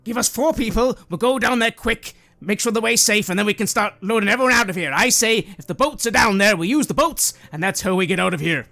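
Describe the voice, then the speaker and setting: A man doing a brisk, practical older escapee. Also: high-pitched, sharp tone, voice pushed up. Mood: decisive. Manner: brisk, planning aloud.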